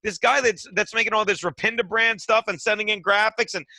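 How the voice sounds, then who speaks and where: Man, middle-aged, comedian guest, profane rambling stories, very bright tone. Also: sits high, steady tone, a little fast, no echo. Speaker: guest comedian and radio host. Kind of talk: casual podcast chat.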